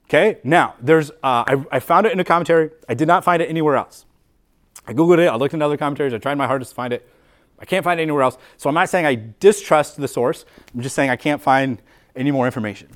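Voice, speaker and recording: A man delivers a sermon in a loose, chatty way, stumbling over repeated words and filling gaps with "like". His voice sits a little high for a man, and he lifts it when acting out what people think. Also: fast. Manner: conversational, many repeated words and "like" fillers; acts out quoted inner voices with rising pitch and volume. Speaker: pastor.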